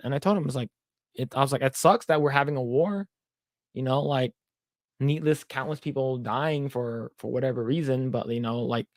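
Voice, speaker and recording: Reading viewer comments aloud during a casual chat, this thirtysomething podcast co-host also tells rambling stories, swears, and mimics voices in quotes. His voice is mid-range, captured in a dry, clean studio recording.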